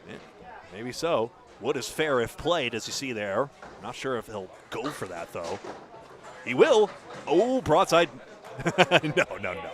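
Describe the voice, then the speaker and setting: A man with a New England accent giving chatty, animated live play-by-play of a bowling match in a bowling alley. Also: mid-range voice, normal speed. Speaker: bowling commentator. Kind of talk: live sports commentary. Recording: crowd noise behind.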